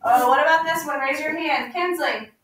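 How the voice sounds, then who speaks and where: A woman teacher leading a class with call-and-response questions, slowing down to stress key words. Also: sits high, fairly bright tone. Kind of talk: classroom instruction. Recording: echoey room, mic far off, faint noise.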